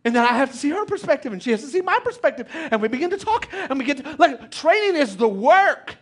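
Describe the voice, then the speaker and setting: Male pastor, high-pitched, energetic sermon delivery with call-outs to the congregation. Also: fast talker. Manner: animated preacher, calls out to congregation.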